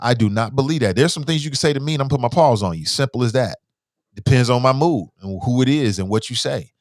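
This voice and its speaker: This talk show host talks fast and animatedly in a medium-pitched voice, with a dry studio-quality sound. An adult with children, he gives loose, blunt opinions peppered with slang and swearing while reading listener messages aloud on his call-in show.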